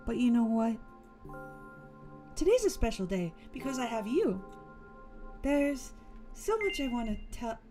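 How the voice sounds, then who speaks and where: A woman's voice: a little high, sing-song, unhurried, long pauses, mellow, faint music behind. A woman streamer reading a visual novel aloud while playing, playful and laughing often.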